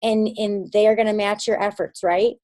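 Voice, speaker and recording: A woman's voice: medium pitch, fairly even intonation, moderate pace, dark tone, no echo. A woman coaching her sales team in a casual talk. She acts out phone conversations and often checks that her listeners follow.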